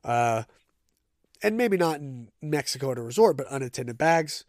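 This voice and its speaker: A man's voice: medium pitch, animated, moderate pace, no room sound, studio quality. A man hosting a casual solo podcast, telling stories in a chatty, conversational way. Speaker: podcast host.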